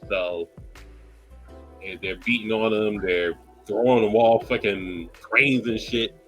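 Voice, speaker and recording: Man, bright voice, podcast co-host, casual anime review, swears a lot, faint music behind. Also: on the low side, takes it slowly. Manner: profane, animated retelling.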